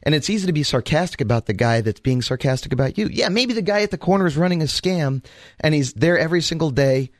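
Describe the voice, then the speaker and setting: A man co-hosting a radio talk show, telling a story in a casual, animated way and acting out the voices he quotes. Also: fairly high pitch, fast talker, no echo, studio quality.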